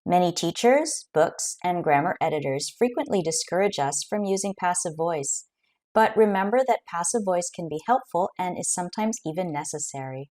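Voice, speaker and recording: Woman teacher going over grammar, measured and clear, voice moves around a lot. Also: fairly low pitch, animated, darkish tone. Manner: clear, measured explaining with example sentences. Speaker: English teacher. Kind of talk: scripted grammar lesson.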